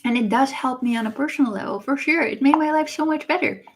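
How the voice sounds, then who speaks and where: A woman, hosting a casual livestream and answering viewers in a chatty way, often pausing with uh and um. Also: sits high, noisy background. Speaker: livestream host reading viewer messages.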